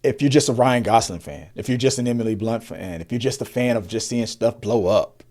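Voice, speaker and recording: A man's voice: mid-range voice, a little fast, darkish tone. Rambling man co-hosting a movie podcast. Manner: rambling, many restarts and fillers. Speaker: podcast co-host. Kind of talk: casual movie review chat.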